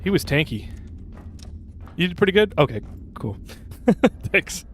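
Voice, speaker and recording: A man's voice: high-pitched, big pitch swings, measured pace, slight background noise. Young male streamer, casual, rambling, chatty with chat. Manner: rambling, chatty, reads chat aloud, frequent fillers. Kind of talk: casual gameplay commentary.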